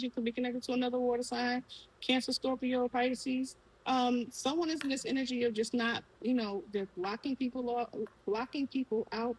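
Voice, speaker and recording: A woman's voice: on the high side, a little hiss or hum, rough recording. A woman with a Brooklyn accent giving a casual tarot reading, talking straight to the viewer and asking the cards questions aloud. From Brooklyn, New York. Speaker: tarot reader.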